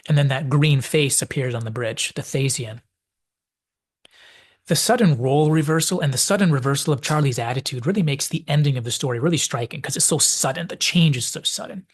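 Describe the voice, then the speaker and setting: A man's voice: mid-range voice, husky. A man hosting a video essay, reflectively analyzing a classic TV episode and thinking aloud as he goes.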